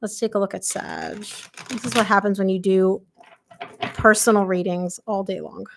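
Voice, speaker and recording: Woman tarot reader, live reading, excitable and chatty, hoarse voice. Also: mid-range voice, normal speed, background noise. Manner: chatty, excitable, quotes people aloud. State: losing her voice.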